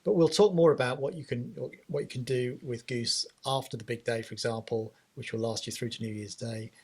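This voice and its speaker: A man's voice: mid-range voice, brisk, a little mellow, husky. A man co-hosting a podcast, chatting casually and jokily, often restarting his sentences. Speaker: podcast co-host. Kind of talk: casual chat.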